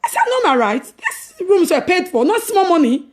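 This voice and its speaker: A woman with a Nigerian accent telling a story in casual chat, animated, laughing and swinging between loud and hushed. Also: very high-pitched, fairly quick, few pauses. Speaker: evangelist vlogger.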